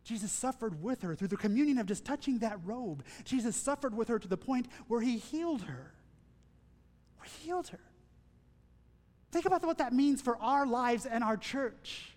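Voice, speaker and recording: High-voiced pastor preaching in a reverberant church. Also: male voice, lively intonation, moderate pace, few pauses. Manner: earnest, builds to emphatic lists, then drops to hushed asides. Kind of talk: sermon.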